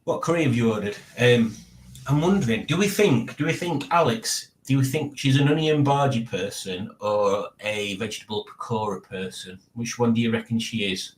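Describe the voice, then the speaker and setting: A man's voice: medium pitch, normal speed, roomy sound. A man hosting a live-stream quiz in casual chat, rambling and jokey as he reads viewer comments aloud.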